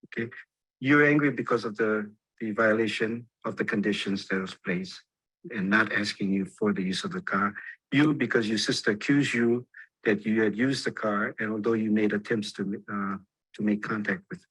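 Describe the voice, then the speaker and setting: Husky low-voiced man mediating. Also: moderate pace, dry recording, rough recording. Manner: calm, probing questions. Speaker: ho'oponopono facilitator. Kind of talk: guiding a role-play mediation.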